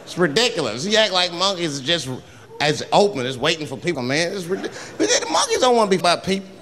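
A man doing a stand-up comedy routine, telling a story in street slang, acting out characters and breaking into loud outbursts. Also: high-pitched, big pitch swings, quick pace, a little hiss or hum. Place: live comedy venue. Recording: live club set with audience laughter and long reverb.

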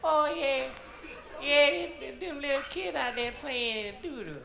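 A man's voice: very high voice, moderate pace, gravelly, noisy background, voice pushed up. A man voicing a senile, confused and affectionate grandmother in her nineties during a stand-up routine. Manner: wavering, confused questioning. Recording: echoey club with loud crowd laughter.

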